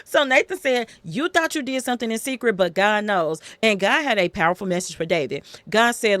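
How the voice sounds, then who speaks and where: Lively woman retelling stories, dry sound. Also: a little high, moderate pace, no echo. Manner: animated, playful, acts out quoted characters. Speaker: host retelling Bible stories. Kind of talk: casual storytelling.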